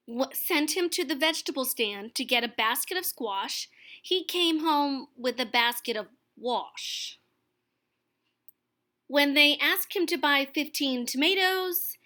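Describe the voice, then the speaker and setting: A young woman reading a children's picture book aloud, expressive and gentle. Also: high voice. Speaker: storyteller.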